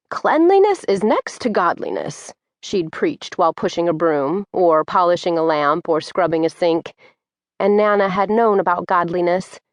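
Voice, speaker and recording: A woman's voice: medium pitch, dry recording. Woman narrating a romance audiobook. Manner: measured, descriptive storytelling. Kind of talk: scripted narration.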